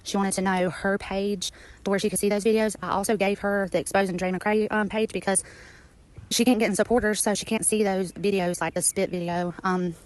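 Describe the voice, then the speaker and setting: A woman's voice: medium pitch, steady tone, a little fast. A woman with a Southern country accent, reporting in a voice message. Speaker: group admin.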